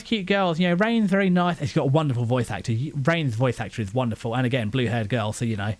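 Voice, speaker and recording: A man's voice: mid-range voice, expressive, quick pace, hardly any pauses. A man giving a casual anime review, ranting with exasperation and frequent restarts.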